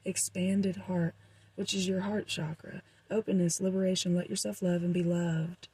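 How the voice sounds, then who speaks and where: A woman's voice: on the low side, little pitch movement, moderate pace, dark tone, breathy edge, no room sound, poor audio. A young woman doing a casual, rambling tarot reading for her viewers, with frequent fillers. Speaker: tarot reader.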